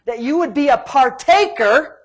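Animated woman preacher, high voice. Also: a little slow. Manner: animated preaching, swings from loud emphasis to hushed asides; tells homey stories with laughter. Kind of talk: sermon.

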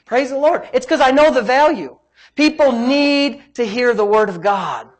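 A male pastor preaches a sermon in a very high voice with lively intonation at a measured pace. His delivery is emphatic and repetitive, often broken up by "praise God" interjections.

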